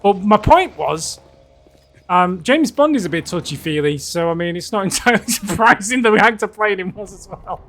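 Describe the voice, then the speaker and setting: A man's voice: high-pitched, expressive, moderate pace, a bit bright. A British man co-hosting a game livestream, joking in a wry, dry way. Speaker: game streamer co-host. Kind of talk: casual gaming livestream chat.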